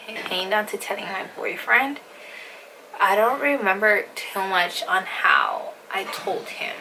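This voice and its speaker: Young woman telling a storytime, gravelly. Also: mid-range voice, measured pace, bright, forceful tone, a little hiss or hum, rough recording. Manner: rambling, heavy on fillers and swearing. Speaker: vlogger. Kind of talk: casual storytime.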